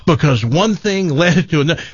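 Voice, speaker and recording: A middle-aged man hosts a radio talk show, his fairly high voice swinging widely as he acts out the people in his stories. The studio sound is dry and a little dull. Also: fairly quick, breathy edge, no echo. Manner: animated storyteller, acts out quoted voices. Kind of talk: casual radio banter.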